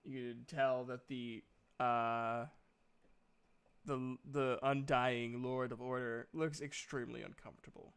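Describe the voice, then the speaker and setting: Man, game master, slow relaxed narration, smooth resonant voice. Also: mid-range voice.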